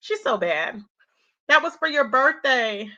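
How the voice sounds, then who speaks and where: A woman's voice: sits high, big pitch swings, unhurried, bright, forceful tone, highs cut off. A woman hosting a casual commentary stream, chatty and opinionated, talking straight to her viewers. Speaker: commentary livestream host. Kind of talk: casual drama commentary talk.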